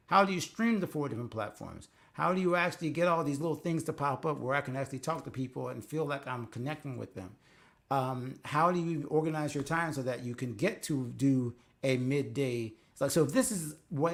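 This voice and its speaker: A man's voice: medium pitch, vocal fry, fairly bright tone. A man hosting a faith-based coaching live stream, talking earnestly and conversationally, rambling with restarts. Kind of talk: casual live-stream talk.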